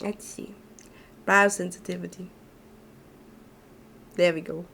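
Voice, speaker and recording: A woman's voice: lowish voice, fairly even intonation, slow pace, gravelly, pushed and bright, slight background noise. Giggly woman streamer chatting casually. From not Australia. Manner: giggly, laughs often, chatty asides. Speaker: game streamer. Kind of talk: casual gameplay chat, reading game lines aloud.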